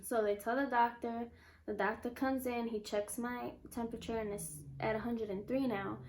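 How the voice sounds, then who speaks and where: A young woman vlogger telling a personal story in a chatty, animated way and acting out what others said. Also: on the high side, normal speed. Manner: chatty, animated, acts out quotes. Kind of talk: casual storytelling to camera.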